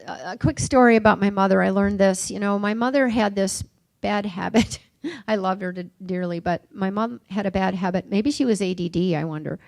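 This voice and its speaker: An older woman giving a reflective recovery workshop talk, mixing gentle questions with personal stories. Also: medium pitch, no room sound. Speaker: workshop speaker.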